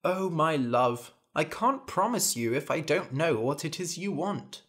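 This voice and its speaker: A doting, soft-hearted king, as a storyteller voices him, gentle and pleading. His voice sits a little high and moves slowly and tenderly. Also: animated.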